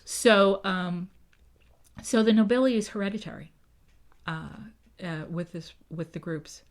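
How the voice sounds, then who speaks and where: A woman's voice: fairly low pitch, a little slow. Chatty woman historian telling history with flair. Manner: lively, acts out quoted voices, often adds "right?". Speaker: town historian. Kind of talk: casual storytelling in a podcast interview.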